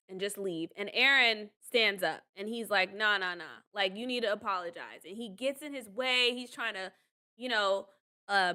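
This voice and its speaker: A woman hosts a casual commentary recap, talking through scenes in a loose, animated way. Her voice is bright and smooth, sitting at a middle pitch. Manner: chatty, animated retelling with many "like"s. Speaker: commentary channel host.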